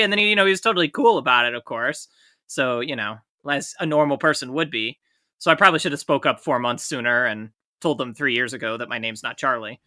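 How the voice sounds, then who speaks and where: A man's voice: medium pitch, quick pace, bright, forceful tone. A man co-hosting a podcast, telling wry, self-mocking stories in casual chat. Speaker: podcast co-host.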